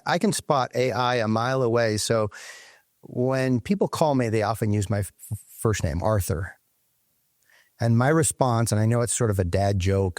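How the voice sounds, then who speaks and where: A man's voice: fairly low pitch, no echo, studio quality. A man being interviewed as a company leader, speaking conversationally and acting out callers as he tells stories. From United States. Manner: animated storyteller, acts out phone callers.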